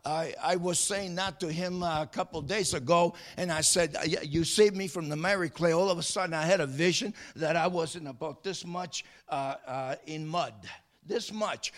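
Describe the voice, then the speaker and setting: A man's voice: high-pitched, normal speed. A man preaching a sermon, reading scripture aloud and preaching with rising fervor, often restarting and repeating words. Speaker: pastor.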